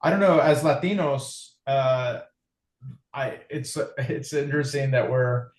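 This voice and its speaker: A man's voice: mid-range voice, unhurried, echoey room. A man from California with a Californian accent, chatting casually as a podcast guest, laid back and rambling with repeated words. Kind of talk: casual chat.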